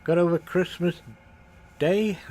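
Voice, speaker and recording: A man's voice: sits high, fairly even intonation, takes it slowly, a little mellow, low-quality recording. A Scottish man giving casual live commentary while playing a game, jokey and laughing at his own mistakes, chatting to viewers. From Scotland. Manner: chatty, jokey, laughs at himself, hums along. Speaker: game streamer.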